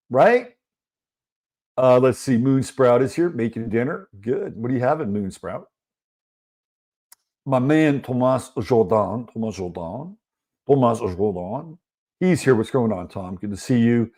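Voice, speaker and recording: A man's voice: medium pitch, expressive, measured pace, darkish tone. A man hosting a casual livestream, chatting loosely and greeting viewers in the chat one by one. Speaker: livestream host.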